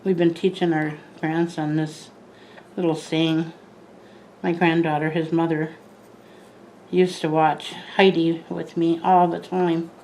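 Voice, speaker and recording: Older woman with a gravelly, low voice. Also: flat delivery, slow pace, pauses often, darkish tone, slight background noise, poor audio. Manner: chatty, rambling, self-correcting asides. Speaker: plant vlogger. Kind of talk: casual chat to camera.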